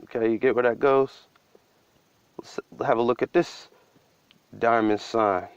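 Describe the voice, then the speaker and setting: A man's voice: medium pitch, steady tone, unhurried, smooth, dry recording, muffled recording. A man giving a profane, conspiratorial commentary breakdown of a video.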